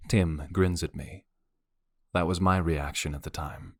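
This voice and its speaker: A man's voice: low-pitched, steady tone, measured pace, no echo, studio quality. A man narrating a romance audiobook in the first person, with a wry, brooding delivery.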